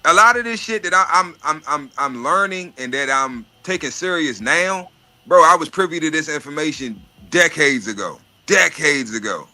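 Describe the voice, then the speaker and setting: Guy chatting casual, lots of cussing, bright edgy voice, keeps repeating himself mid thought. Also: on the high side, animated, moderate pace. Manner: profane, streetwise, repeats words when thinking. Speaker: podcast host. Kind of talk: casual chat.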